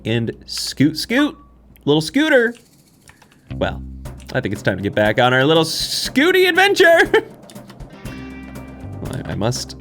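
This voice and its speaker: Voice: mid-range voice, fairly bright tone. A gaming YouTuber giving playful, giggly let's-play commentary, cooing at little creatures in the game. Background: game music.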